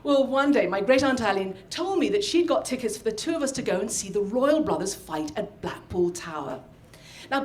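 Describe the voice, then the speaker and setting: A woman from the north of England, performing a personal story live with animated, dramatic delivery. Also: mid-range voice, reverberant. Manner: animated, dramatic, acts out scenes. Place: storytelling event venue.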